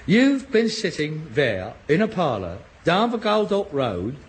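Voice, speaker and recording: Sarcastic man with a high, swooping voice. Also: wildly swooping pitch, unhurried. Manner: sarcastic, mocking, exasperated. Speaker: grown son in a sitcom. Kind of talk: 1960s British radio sitcom acting.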